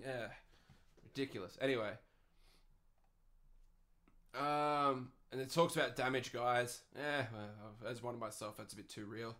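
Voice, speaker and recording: A man's voice: medium pitch, fairly even intonation, normal speed, pauses often, fairly bright tone. A man in his twenties with an Australian accent, hosting a podcast and ranting in a sardonic, profane way. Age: 20s. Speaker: podcast host. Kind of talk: casual podcast rant.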